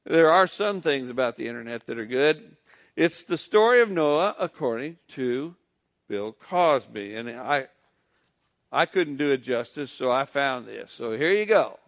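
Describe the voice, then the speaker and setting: A man preaching a sermon in a deliberate, measured way. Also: mid-range voice, animated, a bit bright. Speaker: pastor.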